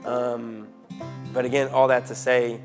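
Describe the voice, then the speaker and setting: A man with an Arkansas accent, Spanish his first language, telling his life story in an interview in a lively conversational way. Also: mid-range voice, measured pace. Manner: animated, conversational, asks "right?" often. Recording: music playing underneath.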